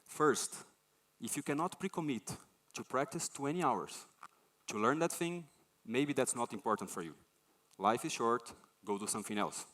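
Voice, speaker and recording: A man giving a conference talk, telling stories and acting out the voices of people and things he quotes. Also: mid-range voice. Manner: animated storytelling, acts out quoted voices. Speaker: conference speaker.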